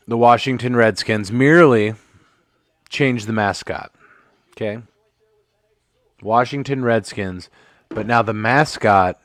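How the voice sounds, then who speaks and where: A man's voice: medium pitch, no echo, studio quality. A man hosting a casual live sports commentary stream, joking and swearing as he rambles, a bit tipsy from drinks. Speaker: livestream host.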